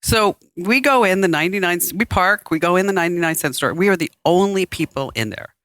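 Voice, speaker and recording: A woman's voice: fairly low pitch, brisk, no echo. A middle-aged woman hosting a podcast, telling stories in casual chat with frequent laughter. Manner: animated storyteller, laughs often. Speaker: podcast host.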